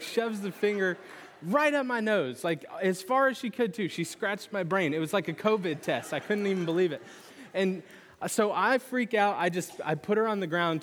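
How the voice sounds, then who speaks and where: A young man preaching a sermon, telling a lively personal story with animated pitch swings before turning to scripture. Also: a little hiss or hum. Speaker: pastor. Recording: long reverb of a large hall.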